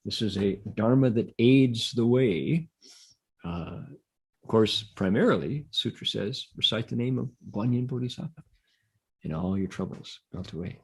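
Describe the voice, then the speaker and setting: A man giving a Buddhist dharma talk, telling a story with animated delivery and leading mantra chants. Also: fairly low pitch, a little slow, husky.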